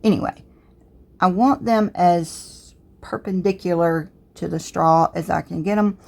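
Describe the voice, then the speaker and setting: Low, gravelly Southern woman. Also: unhurried. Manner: relaxed, thinking aloud while working. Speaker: crafts tutorial host. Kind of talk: casual step-by-step tutorial narration.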